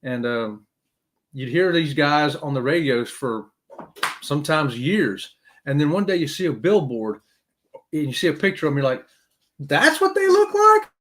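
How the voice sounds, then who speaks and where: Animated man hosting a live chat. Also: moderate pace. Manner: animated, talks straight to viewers with "y'all", swoops high for emphasis. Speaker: host of a live cruise chat show. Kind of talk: casual live-stream chat.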